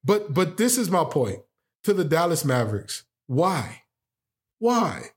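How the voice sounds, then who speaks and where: A man hosting a sports talk show, giving opinionated commentary with animated rhetorical questions and sarcastic jokes. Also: fairly high pitch, takes it slowly.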